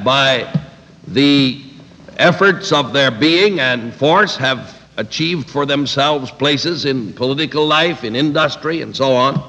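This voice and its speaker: A man's voice: mid-range voice, sharp tone, husky. Emphatic male Bible teacher, reverberant hall. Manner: emphatic, paraphrasing scripture with plain-spoken asides. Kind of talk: expository Bible sermon.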